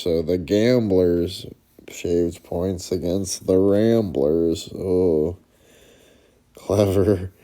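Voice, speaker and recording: A man's voice: low voice, mellow. A man hosting a casual sports show, rambling and swearing, and calling himself Coach in the third person.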